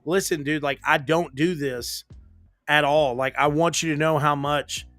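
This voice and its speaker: A man's voice: on the high side, measured pace, no room sound, soft background music. A man hosting a casual gaming podcast from his home office, ranting loosely and swearing a lot. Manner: ranting, profane, animated. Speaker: podcast host.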